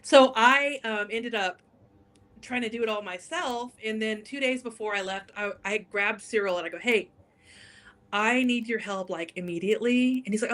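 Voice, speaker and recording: A woman's voice: medium pitch, moderate pace, a bit bright. A woman guest on a talk show, telling a story casually, acting out quotes and laughing often. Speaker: guest, drag king entertainer.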